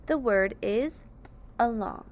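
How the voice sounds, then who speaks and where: Woman, phonics teacher, slightly high voice, over-enunciated syllables, slow careful lesson. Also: expressive.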